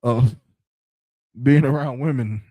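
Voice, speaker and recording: A man's voice: mid-range voice, slow pace, mellow, no echo. A man hosting a podcast, talking loosely in slang and joking around with his co-hosts. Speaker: podcast host. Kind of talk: casual podcast chat.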